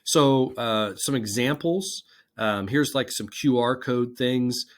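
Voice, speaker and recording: A man's voice: mid-range voice, slow pace. A man giving a conversational instructional presentation, explaining a classroom activity step by step. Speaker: teacher presenter.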